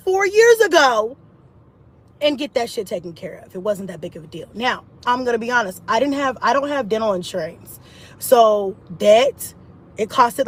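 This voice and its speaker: A woman talking straight to her viewers in a casual, animated vlog, swearing freely as she tells her story. Her voice sits high and swings widely in pitch as she talks. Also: low-quality recording. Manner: animated and profane, with laughs. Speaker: vlogger telling a personal story.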